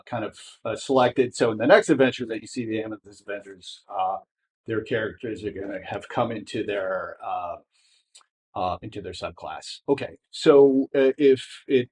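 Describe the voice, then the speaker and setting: A man narrating as game master of a tabletop game, speaking hesitantly with many pauses and restarts. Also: fairly low pitch, darkish tone.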